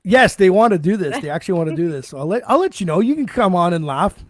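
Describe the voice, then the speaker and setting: A man's voice: high-pitched, lively intonation, fast, dry recording. A man in his forties hosting a podcast, telling loose stories in casual chat, swearing often and laughing between lines. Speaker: podcast host.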